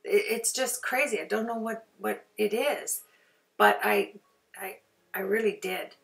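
Older woman, crafting tutorial, gravelly fry, chatty, mic set a bit away. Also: mid-range voice, unhurried, fairly bright tone, distant mic. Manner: chatty and rambling, drops to near-whispers. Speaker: card-making crafter.

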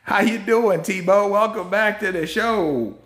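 A man's voice: sits high, a little slow, a bit bright, dry recording. A man hosting a casual live stream as a cabin salesman, playfully teasing a viewer, laughing often and repeating himself, with folksy sign-offs.

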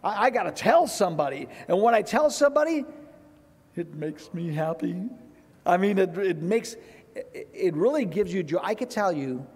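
Male pastor, higher voice, emotional and animated, church hall reverb. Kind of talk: sermon. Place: church sanctuary.

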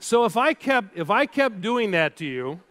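A man's voice: sits high, normal speed. A middle-aged man giving a keynote speech to a live audience, telling stories and talking straight to the crowd. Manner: storytelling, animated, addresses the crowd directly. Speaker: keynote speaker. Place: large hall with live audience.

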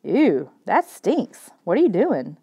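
A woman's voice: mid-range voice, big pitch swings, slow, warm tone, husky, lo-fi sound, exaggerated voice. A woman voicing a bossy girl who scolds her brother in a storybook reading. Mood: scolding. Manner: bossy, lecturing. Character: scolding girl, the narrator's sister.

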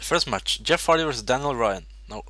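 A man casually commentating his own wrestling video game, excitable, jumping between loud shouts and quiet muttering. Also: medium pitch, fairly quick, noisy background.

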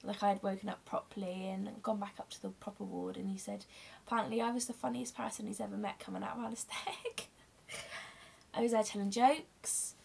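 A woman's voice: medium pitch, fairly even intonation, fairly quick, creaky, a little mellow, a little hiss or hum. A young woman candidly telling a long personal story in a rambling, emotional way. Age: young adult. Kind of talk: casual storytelling vlog.

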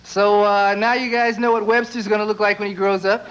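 A young man doing a stand-up comedy routine on a TV stage, with deadpan asides and quick silly voices. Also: high-pitched, heavy background noise. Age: young adult. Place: TV studio stage before live audience. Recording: dull VHS broadcast audio with loud audience.

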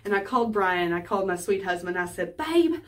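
A woman, a life coach chatting to camera from her small office in a bubbly, animated way. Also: fairly low pitch, quick pace, recorded from a distance. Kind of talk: casual talking-to-camera vlog.

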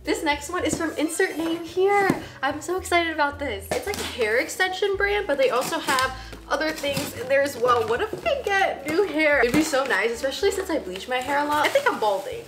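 A woman's voice: sits high, expressive, a little fast, echoey room, music in the background. A woman in her twenties, a YouTuber chatting casually through an unboxing vlog, bubbly and giggly with emotional asides. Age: 20s.

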